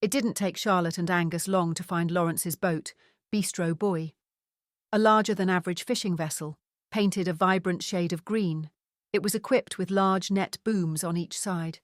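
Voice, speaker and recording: A woman narrating an audiobook novel in an even, measured reading. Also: fairly low pitch, dry recording, studio quality. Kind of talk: scripted narration.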